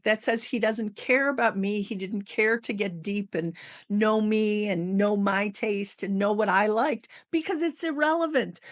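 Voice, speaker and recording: A middle-aged woman cohosting a podcast, telling a personal story in a lively way and acting out what others said. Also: mid-range voice. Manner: animated storyteller, acts out quotes. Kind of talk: casual storytelling chat.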